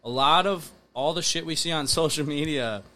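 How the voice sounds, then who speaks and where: A man's voice: on the high side, normal speed, bright, forceful tone. A man ranting emphatically and swearing in a casual chat with friends.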